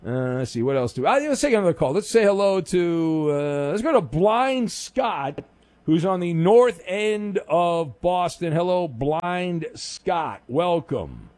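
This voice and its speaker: A man's voice: high-pitched, lively intonation, unhurried, darkish tone, no echo. A male radio talk show host, sarcastic and rambling with lots of fillers, taking calls in a studio. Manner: sarcastic, mock-stern, rambling with many fillers. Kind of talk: casual call-in radio talk. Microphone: studio mic.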